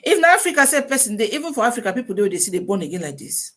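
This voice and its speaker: A woman with a Nigerian Pidgin English accent, hosting a casual live-stream advice talk, animated and full of rhetorical questions. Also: a little high, racing.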